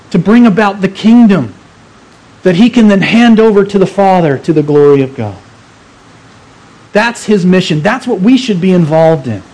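A man's voice: high voice, warm tone. A man preaching a sermon, teaching earnestly and stressing key phrases through repetition. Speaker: pastor.

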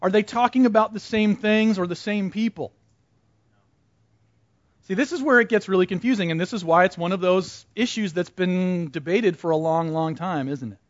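A man leads a Bible class in a relaxed, conversational way, asking the group questions and echoing back what they answer. His voice sits fairly high. The recording is dull and muffled, with a dry, close sound. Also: moderate pace. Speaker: Bible study teacher. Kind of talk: interactive Bible class teaching.

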